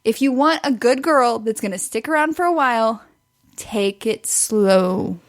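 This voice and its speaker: A woman's voice: sits high, fairly quick. A woman co-hosting a casual podcast chat, giving advice in a chatty, giggly way. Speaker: podcast co-host. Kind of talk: casual chat over wine.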